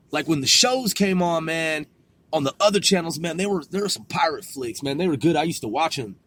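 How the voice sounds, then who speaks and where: A man's voice: a little high, bright, forceful tone. A man hosting a podcast in a casual, rambling monologue, laid-back and profane, chuckling often. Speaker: podcast host.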